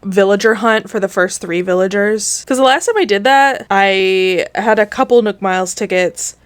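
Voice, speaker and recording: A woman's voice: mid-range voice, normal speed, smooth, dry recording. Tired woman rambling through a story. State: tired, low energy after an emotional day. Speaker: gaming video host. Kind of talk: casual chat while playing a game.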